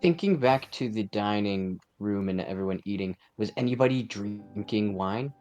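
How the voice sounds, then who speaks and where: A man's voice: lowish voice, normal speed, darkish tone, soft background music. A young man playing his character at the table, thoughtful with a teasing edge. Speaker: player.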